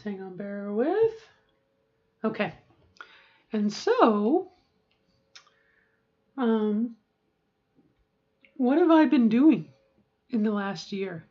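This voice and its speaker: A woman's voice: mid-range voice, a little mellow, muffled recording. A middle-aged woman talking candidly and chattily in a personal video diary, often restarting her sentences. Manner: chatty, candid, self-interrupting. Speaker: vlogger.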